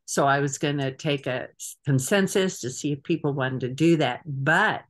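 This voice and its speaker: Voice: medium pitch, moderate pace, a bit bright. A trip organizer on a video call giving a casual meeting briefing, chatty and hesitant with frequent fillers.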